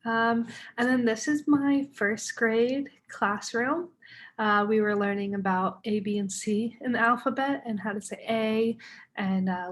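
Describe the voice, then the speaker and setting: A woman's voice: a little high, fairly even intonation, unhurried. A young woman in her twenties, an English teacher, talking casually about her classes with lots of fillers and easy laughs. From United States. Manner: chatty, many fillers, laughs often. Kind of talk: casual vlog narration.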